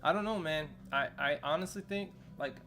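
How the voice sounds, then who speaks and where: This gamer's voice sits on the high side, with a sharp tone and a moderate pace. Streaming with faint music in the background, he rambles loosely, dropping fillers and casual slang as he chats.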